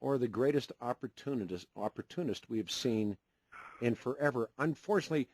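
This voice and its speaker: A mid-pitched man hosts a radio talk show, backing up his guest with quick agreements and drifting into reflective asides. His voice sits in an ordinary range and sounds dry and close to the mic. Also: no echo. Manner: steady agreeing interjections, musing asides.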